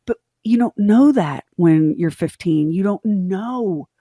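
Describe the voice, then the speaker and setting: Middle-aged woman, podcast co-host, candid animated storyteller, mellow tone, dry studio sound. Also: mid-range voice, slow pace, slightly rough, dry recording. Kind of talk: storytelling in casual chat.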